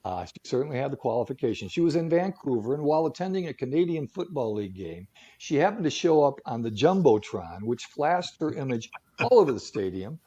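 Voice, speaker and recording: A man's voice: medium pitch, very animated, a little fast, warm tone, breathy edge, lo-fi sound. A man co-hosting a talk show who tells stories casually, with jokey asides and lots of fillers. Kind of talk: casual storytelling segment.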